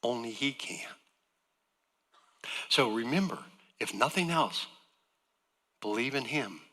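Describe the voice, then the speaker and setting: A man delivers an earnest sermon in a very bright, forceful voice that rises and falls with lively pitch. His delivery swings between emphatic peaks and hushed asides, and his words ring out with the long reverb of a large church sanctuary. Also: slow. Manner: earnest preaching, voice swinging from loud emphasis to soft. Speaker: guest speaker.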